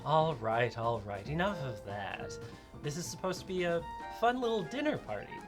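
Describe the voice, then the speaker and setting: A woman's voice: low voice, very animated, moderate pace, music in the background. A woman voicing a generous, fun-loving female speakeasy owner with a breezy, indulgent way of talking.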